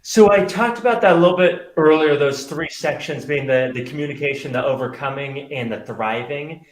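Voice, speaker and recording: A man's voice: on the high side, normal speed. A middle-aged man, a magician and pastor, talking earnestly as a guest and telling stories with many fillers. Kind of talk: conversational interview. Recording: roomy echo.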